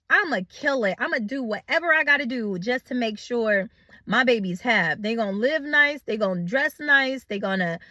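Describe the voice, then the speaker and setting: A woman's voice: on the high side, a bit bright, no echo. A middle-aged woman telling a personal story in a casual storytime style, acting out her own past thoughts.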